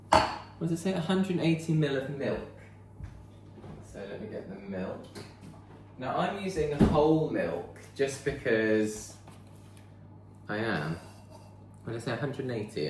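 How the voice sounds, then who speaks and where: A man's voice: medium pitch, reverberant, noisy background. A man chatting casually as he bakes in his kitchen, thinking aloud as he goes. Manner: chatty, rambling, thinks aloud while baking. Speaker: vlogger. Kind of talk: casual chat. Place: home kitchen.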